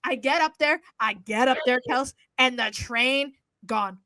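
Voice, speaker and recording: A young woman co-hosting a podcast, telling a story in casual chat, animated and swearing freely as she acts out what people said. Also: high voice, a little slow, no echo. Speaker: podcast co-host.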